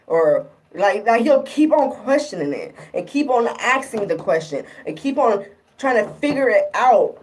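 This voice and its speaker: A woman's voice: on the high side, big pitch swings, moderate pace, a little mellow. A woman in a casual vlog, retelling her relationship troubles in an exasperated, rambling way with lots of fillers. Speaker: vlogger. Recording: distant from the microphone.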